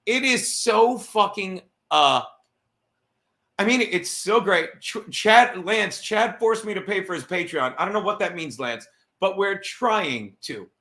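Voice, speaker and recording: A middle-aged man hosts a comedy podcast in a rambling, profane monologue. His voice sits high and bright, and he keeps cutting himself off to restart mid-thought. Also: expressive, measured pace.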